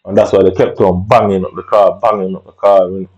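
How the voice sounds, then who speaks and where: A man's voice: deep voice, little pitch movement, fast talker, a little mellow, muffled recording. A man with telling an angry personal story, rambling and profane, full of tag questions. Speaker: vlogger.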